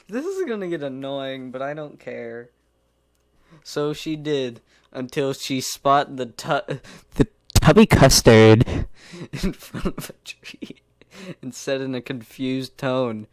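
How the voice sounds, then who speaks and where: A man's voice: medium pitch, takes it slowly, smooth, dry recording. A man casually reading fan fiction aloud, giggling and rambling in asides, some whispered. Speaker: reader.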